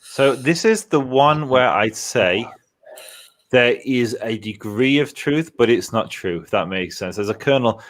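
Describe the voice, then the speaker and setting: A man speaking as a guest on a panel, explaining his views in a measured, thoughtful way. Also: mid-range voice, animated. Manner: measured, thoughtful, with fillers and restarts. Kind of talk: conversational explanation.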